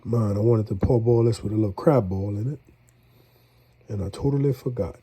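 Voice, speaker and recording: A congested man with a New drawl talks viewers through his cooking in a loose, folksy ramble. His voice is very dark and a touch husky. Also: on the low side, brisk. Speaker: home cook. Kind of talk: casual cooking vlog.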